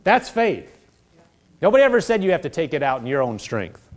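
Preacher guy, fairly high voice swinging all over, leads the crowd in repeating lines, talks like he's chatting. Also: brisk. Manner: lively preaching with call-and-response; conversational, restarts and asides. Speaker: pastor. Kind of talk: sermon.

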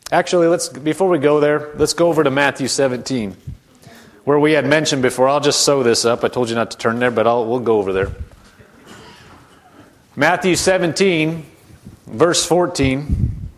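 A man preaching a sermon in a conversational way, slowing down to stretch key words and dropping into hushed voices to mimic doubters. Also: mid-range voice.

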